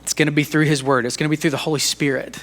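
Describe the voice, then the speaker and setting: Bright-toned earnest man teaching leadership. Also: a little high, level tone, very fast. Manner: earnest, conversational, self-disclosing; repeats words and restarts sentences. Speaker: podcast co-host. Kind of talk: faith-based leadership teaching.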